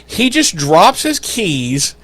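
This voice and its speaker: A man's voice: high voice, very animated, slow, fairly bright tone. A man co-hosting a podcast, recapping an episode in casual, profane, joking chat and acting out lines in silly voices. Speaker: podcast co-host.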